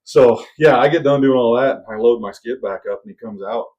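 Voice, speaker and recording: Animated man telling a story. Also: mid-range voice, fairly quick, muffled recording. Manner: animated storyteller, acts out quoted voices. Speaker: podcast co-host. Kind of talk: casual storytelling.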